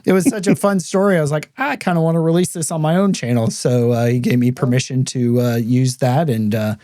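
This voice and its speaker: Male podcast host, mid pitch, casual and chatty, dry close-miked sound. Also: a little fast, no room sound. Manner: relaxed, laughs easily, many fillers.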